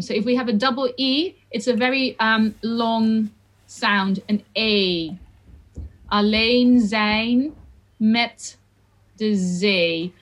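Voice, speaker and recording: A woman teaching the pronunciation of song lyrics in a chatty, informal way, sounding out each word slowly. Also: a little high, poor audio. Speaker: singing and Dutch diction teacher. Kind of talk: lesson, talking through song pronunciation.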